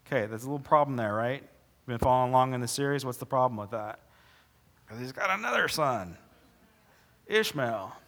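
Joking casual pastor preaching. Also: male voice, mid-range voice, lively intonation, a bit bright. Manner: casual, joking asides between slow dramatic scripture reading. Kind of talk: sermon.

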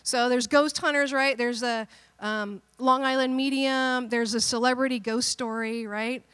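Woman preacher with a fairly high voice, playful and lively, acting out quotes. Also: measured pace, clean tone. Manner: animated, playful, acts out quotes. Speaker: pastor. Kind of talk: sermon.

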